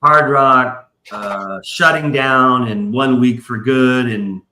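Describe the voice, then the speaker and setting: A man's voice: mid-range voice, slow, pushed and bright, roomy sound, low-quality recording. A man hosting a live stream, telling a story in a loose, profane way and acting out other people's lines. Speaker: podcast host. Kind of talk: casual storytelling chat.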